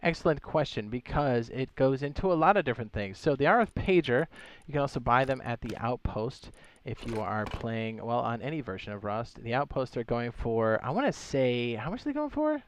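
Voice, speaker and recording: A man with a middle-pitched voice talks in a loose, chatty way as he explains a game step by step. He breaks off to answer viewers' questions and tosses in goofy jokes. The sound is dry and close, with no room echo. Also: big pitch swings, fairly quick, hardly any pauses. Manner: chatty, explains step by step while reading chat questions aloud; playful asides and goofy sound effects. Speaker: game streamer. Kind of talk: casual live-stream game tutorial.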